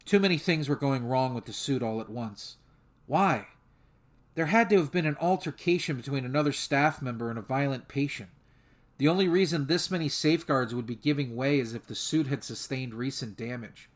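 A man narrating a fan audiobook in a measured, steady storytelling manner. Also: medium pitch.

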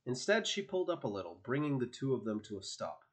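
A man narrating an audiobook in a steady, expressive storytelling manner. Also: mid-range voice, quick pace.

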